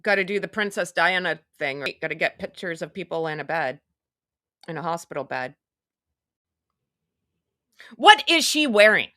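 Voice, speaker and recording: A woman's voice: sits low, brisk, pushed and bright, no room sound, studio quality. A woman hosting a casual live stream, talking in a sarcastic, rambling, chatty way. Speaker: online show host.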